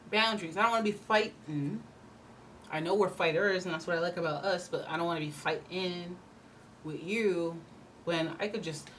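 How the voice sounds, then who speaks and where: Woman tarot reader, low-ish voice, chatty and blunt, acts out voices for laughs, faint hiss behind. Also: moderate pace. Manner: animated, slips into playful mock voices. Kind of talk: casual tarot reading to camera.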